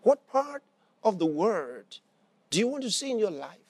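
A man's voice: high voice, very animated, moderate pace, breathy edge, no echo. A man preaching a sermon, telling a story and acting out its characters' lines, repeating phrases for emphasis.

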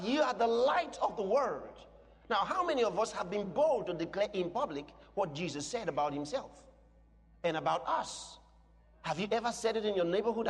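A man preaching a sermon, driving home his points with emphatic, repeated declarations and occasional shouts. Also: high-pitched. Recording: long hall reverb with faint music.

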